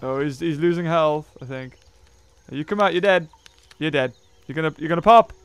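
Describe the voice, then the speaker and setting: A man giving excitable let's play commentary, laughing, yelping and muttering to himself as he plays. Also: fairly high pitch, moderate pace, smooth. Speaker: gameplay commentator.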